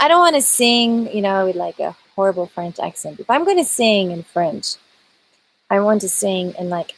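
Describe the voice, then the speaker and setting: A woman's voice: fairly low pitch, gravelly, a little hiss or hum, rough recording. A woman singer chatting casually with viewers on a live stream, greeting them by name and talking with lots of fillers. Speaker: singer hosting a live chat.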